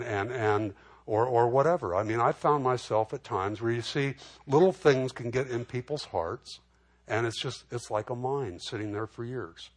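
A man preaching a sermon in a conversational way, often restarting and repeating words. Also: medium pitch. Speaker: pastor.

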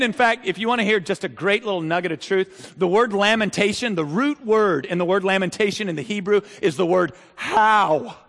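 High-voiced man preaching in a reverberant hall. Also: moderate pace, few pauses. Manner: conversational, asks the crowd rhetorical questions, builds to loud shouted peaks. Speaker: pastor. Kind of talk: sermon. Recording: long reverb of a large hall.

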